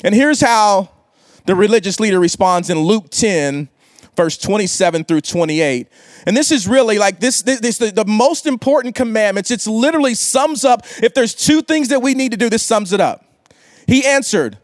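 A man's voice: high-pitched, lively intonation, moderate pace, no room sound. A man preaching a livestreamed sermon to online viewers, casual and slangy, asking them to respond. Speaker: pastor.

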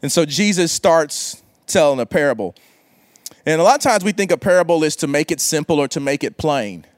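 A man's voice: fairly high pitch, lively intonation, a little fast, no echo. A man preaching a livestreamed sermon to online viewers, casual and slangy, asking them to respond. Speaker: pastor.

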